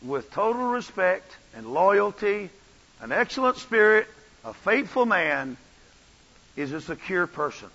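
A man preaching from the pulpit with a bright, forceful voice and a fervent, repetitive cadence. His voice sits a little high. The recording is dull and trails off into long reverb from a large church room. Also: very animated, unhurried. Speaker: pastor. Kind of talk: sermon.

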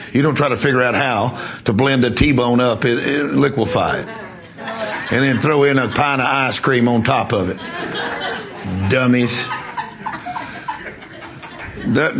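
A man preaching a sermon, telling a story with emphasis and quizzing the congregation. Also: medium pitch. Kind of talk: sermon with testimony.

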